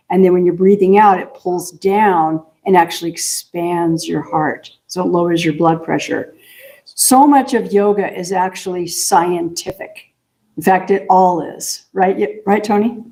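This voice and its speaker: A woman minister giving a gentle, chatty sermon in a church and laughing often. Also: on the low side. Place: church sanctuary.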